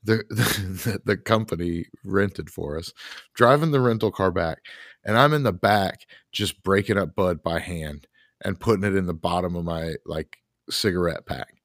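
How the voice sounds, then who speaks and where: A man's voice: deep voice, moderate pace, a bit bright, no echo, studio quality. A man co-hosting a podcast, telling a rambling story in a laid-back, casual way with casual swearing. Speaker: podcast co-host.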